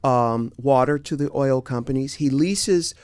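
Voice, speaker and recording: A man's voice: mid-range voice, darkish tone, smooth, dry recording. Meandering middle-aged man, guest, dry sound. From United States. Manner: meandering, many pauses to find words. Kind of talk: casual chat.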